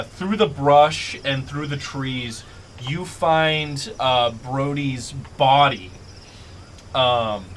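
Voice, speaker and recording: A man running a tabletop game in a slow, hesitant voice full of ums and uhs. His tone is bright and forward, with faint crickets chirping in the background. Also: mid-range voice, slight background noise. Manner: laughs often. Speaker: game master.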